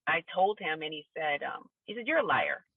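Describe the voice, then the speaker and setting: A woman's voice: low-pitched, very animated, moderate pace, breathy edge. A woman who is a podcast guest earnestly recounts a personal story and acts out the dialogue she remembers in the quoted voices. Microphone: phone call. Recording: tinny phone line.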